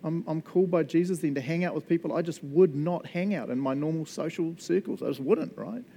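This preacher has a fairly high, dark voice with vocal fry and talks a little fast. His sermon is casual and eager, with frequent laughs, congregation check-ins, and lines capped by "right?" or "eh?". There's a little hiss or hum on the recording.

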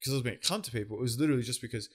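A man's voice: medium pitch, racing, husky. A young Australian man co-hosting a casual chat, swearing freely and explaining things at length. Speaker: podcast co-host.

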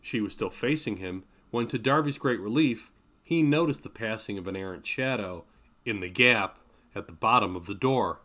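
A man reading his own novel aloud in a measured, steady narration. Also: lowish voice. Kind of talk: audiobook narration.

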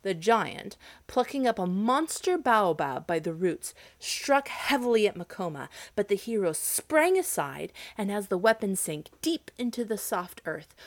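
Female storyteller, animated, dry studio read. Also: medium pitch, no echo. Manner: expressive, dramatic reading. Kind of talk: storybook narration.

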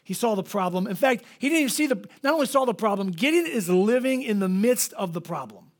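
Animated high-voiced male pastor. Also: brisk. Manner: animated storytelling, acts out quoted voices. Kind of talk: preached sermon. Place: church.

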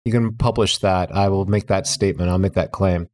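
A man co-hosting a relaxed podcast chat. He has a dry, wry humor and keeps breaking into laughs between his remarks. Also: deep voice, fairly quick. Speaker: podcast co-host. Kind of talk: casual chat.

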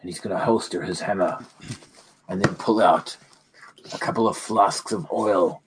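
Deep voiced guy w/ some fry, plays his character calmly in third person. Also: unhurried, background noise. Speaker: player. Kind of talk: tabletop game play.

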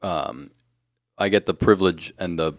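Deep-voiced calm male co-host. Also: moderate pace, no room sound, clean studio sound. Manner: calm, agreeable, short affirmations. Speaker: podcast co-host. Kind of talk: casual chat.

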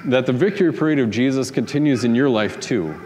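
A male pastor delivers a sermon in a relaxed, storytelling manner, with his voice rising in pitch and volume whenever he presses a point. His mid-pitched voice carries a long church echo. A faint hum of the room sits behind him. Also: fast. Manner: conversational storytelling preacher, lifts pitch and volume for emphasis.

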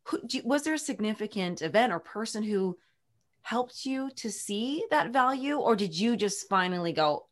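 A woman's voice: medium pitch, animated, normal speed. A woman hosting a podcast, effusive and gushing, asking long, rambling questions. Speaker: podcast host. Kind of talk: casual podcast interview.

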